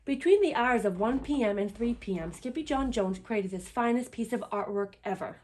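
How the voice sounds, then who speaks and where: A woman reading a children's picture book aloud in an expressive, lively storytelling manner. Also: a little high, moderate pace, a little hiss or hum.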